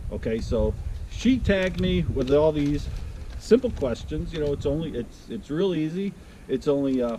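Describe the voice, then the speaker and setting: A man in his fifties talking at an ordinary pitch in a casual, rambling vlog. He jokes and stops to correct himself, and a faint ambience hums behind him. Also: mellow, slight background noise, low-quality recording. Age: 50s. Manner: rambling, jokey, self-correcting. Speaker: vlogger.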